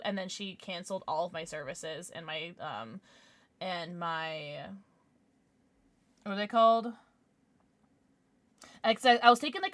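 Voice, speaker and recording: A young woman streamer chatting casually on a livestream, rambling and halting with many restarts as she vents her frustration. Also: mid-range voice, fairly bright tone. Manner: frustrated, venting; baby-talk to her dogs.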